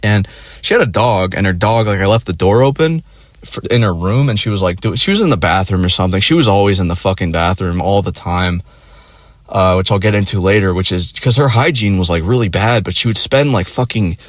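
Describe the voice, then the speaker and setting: Young man, casual rant, swearing, rambling, lowish voice, dry close sound. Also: a little fast, no echo. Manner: rambling, profane, many fillers. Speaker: vlogger.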